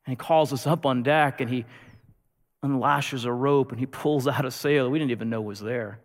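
A male pastor preaching a sermon with animated storytelling that swings between loud and hushed. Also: mid-range voice, moderate pace, in a large hall.

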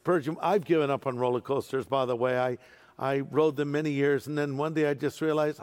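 A man preaching a sermon as pastor, animated and playful with humorous asides. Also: on the high side, brisk. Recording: long reverb of a large hall.

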